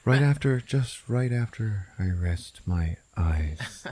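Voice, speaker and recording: A man voicing a frantic, high-strung male stoner with squealing, panicky exclamations. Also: lively intonation, normal speed, a little mellow, no room sound. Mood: careless.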